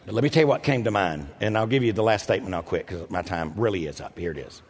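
Older man, husky pastor, lively swooping delivery, long hall reverb. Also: fast talker. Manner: animated, self-mocking, jumps into loud high quoted voices. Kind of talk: storytelling sermon. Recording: echoey hall.

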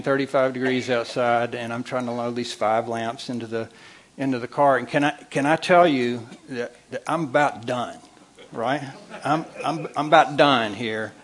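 Folksy man in his sixties. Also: medium pitch. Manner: folksy storytelling, repeats phrases. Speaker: marriage counselor and speaker. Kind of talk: humorous talk to an audience.

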